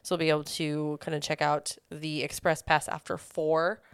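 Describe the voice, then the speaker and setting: A woman's voice: deep voice, level tone, normal speed, smooth, no echo, studio quality. A woman in her thirties co-hosting a podcast, chatting in an upbeat, friendly way. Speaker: podcast co-host. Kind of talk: casual chat.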